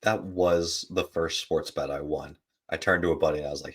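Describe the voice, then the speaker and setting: Speaking a little fast in a husky, rumbling low voice with fairly even intonation, a man co-hosts a podcast. The chat is casual sports debate, full of stories and jokey side remarks.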